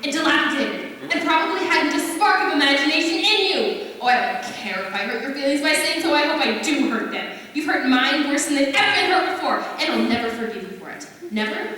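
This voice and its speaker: A woman's voice: very high voice, fairly even intonation, quick pace, sharp tone. A young stage actor playing a fiery, talkative orphan girl with impassioned, theatrical outbursts in a school musical. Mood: indignant. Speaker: student actor. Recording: echoey hall from far off.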